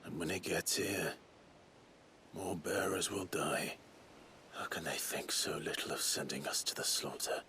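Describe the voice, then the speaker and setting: An actor playing a grim, brooding young warrior who speaks in a low, husky near-whisper. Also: male voice, measured pace, bright, forceful tone, exaggerated voice.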